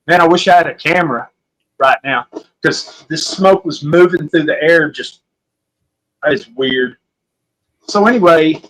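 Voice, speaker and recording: Oklahoma guy rambling through a story, kinda high voice, folksy podcast guest. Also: fairly bright tone, low-quality recording. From Southwest Oklahoma. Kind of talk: casual storytelling.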